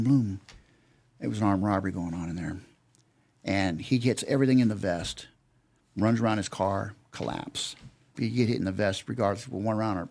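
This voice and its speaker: A man's voice: fairly low pitch, creaky, darkish tone. An older man telling a story as a podcast guest, plain-spoken and acting out both sides of past conversations. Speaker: podcast guest, security veteran. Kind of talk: casual storytelling.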